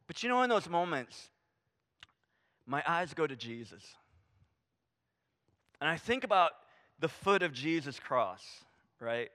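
A man preaching a sermon, animated and conversational, acting out quoted voices and dropping to a hush for emphasis. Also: high voice, measured pace, long pauses. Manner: animated, swings from loud emphasis to hushed near-whisper; acts out quoted voices, casual fillers like "I mean" and "right?". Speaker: pastor.

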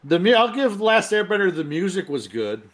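A man's voice: high voice, big pitch swings, normal speed, fairly bright tone. A man co-hosting a podcast, joking bluntly about movies in casual chat. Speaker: podcast co-host.

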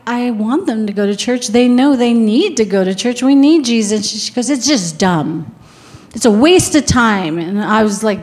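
A middle-aged woman giving a sermon to a women's group, switching between emphatic exhortation and chatty storytelling with laughs. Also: mid-range voice. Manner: emphatic, rising to near-shouts on exhortations. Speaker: women's ministry speaker.

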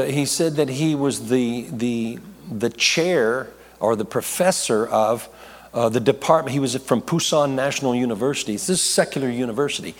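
A middle-aged man, a pastor, telling a long testimony in a sermon, rambling, correcting himself and laughing at his own asides. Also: medium pitch. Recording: long hall reverb.

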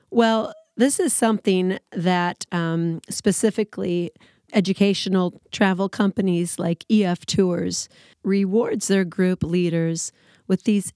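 A woman teacher hosting a podcast in casual talk, hoarse and scratchy as she recovers from laryngitis, chatty and laughing between phrases. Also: fairly low pitch, darkish tone, dry recording, clean studio sound.

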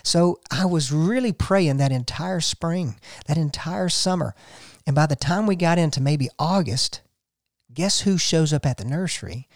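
A man's voice: fairly high pitch, unhurried, no room sound, studio quality. A man hosting a gardening show, talking folksy and casual and telling a story to listeners he calls folks.

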